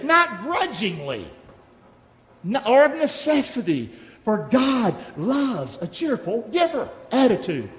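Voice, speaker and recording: A pastor preaches with a high, animated voice that swoops up and down as he pushes his congregation to answer back. His middle-aged voice rings through a church hall with a long, echoing reverb. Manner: exhorting, call-and-response with congregation. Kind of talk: sermon. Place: church sanctuary.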